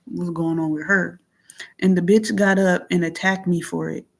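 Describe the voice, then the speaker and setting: Lowish-voiced woman ranting into her phone, swears a lot, gets loud then goes quiet and mumbly. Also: steady tone, moderate pace, vocal fry. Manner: blunt and heavily profane; swings between heated outbursts and low murmurs. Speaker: vlogger. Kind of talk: casual venting monologue.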